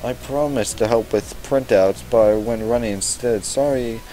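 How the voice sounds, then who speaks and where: A hurried, apologetic schoolgirl, as a man reads her lines. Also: mid-range voice, soft background music, lightly acted, low-quality recording. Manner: reads aloud flatly in own voice. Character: energetic young female student, apologetic.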